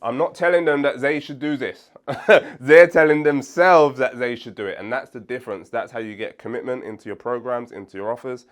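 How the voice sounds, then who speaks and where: A young man giving an energetic sales-training lesson, acting out what prospects say and laughing often. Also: mid-range voice, brisk. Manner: animated, acts out prospect replies, laughs often. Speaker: sales coach.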